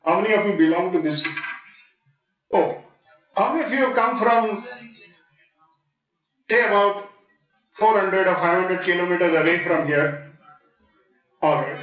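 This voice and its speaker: Soft music plays behind a middle-aged man with an Indian English accent whose high, expressive voice moves at a moderate pace with long pauses. As a guest speaker in a large lecture hall, he quizzes the audience and jokes through a playful motivational talk, captured by a distant, dull mic amid heavy echo.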